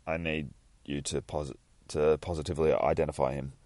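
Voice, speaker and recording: Quiet grave coroner guy, deep and low, aussie edge , as a man reads him out. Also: fairly even intonation, brisk, no room sound. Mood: somber. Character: grave male small-town coroner, calm and somber.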